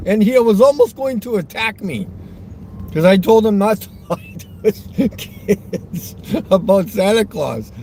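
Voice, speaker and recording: High, animated man, teasing car vlogger, loud road noise. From Westchester County, New York. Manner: provocative, teasing, laughs often. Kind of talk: rambling car vlog talk.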